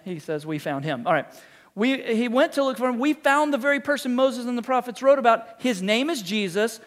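A man preaching a sermon, telling a story and acting out the quotes in it, with jokes and asides. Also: high-pitched. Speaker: pastor.

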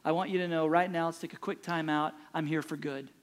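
Higher-pitched guy preaching, punchy and emphatic, keeps repeating lines to drive it home, middle-aged pastor. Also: fairly even intonation, brisk. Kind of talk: sermon.

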